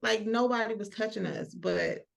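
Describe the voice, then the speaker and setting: A woman's voice: medium pitch, expressive, normal speed, gravelly. A woman from Georgia with a Southern accent, a guest speaking emphatically in a casual chat. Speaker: guest, actress.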